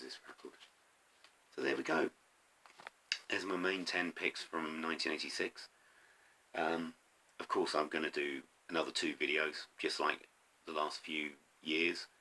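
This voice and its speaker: A middle-aged man talking casually to camera about his favourite records, eager but halting, with many pauses and ums. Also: very deep voice, vocal fry, sharp tone, slightly rough. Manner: enthusiastic, halting with frequent ums. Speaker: vinyl record collector vlogger.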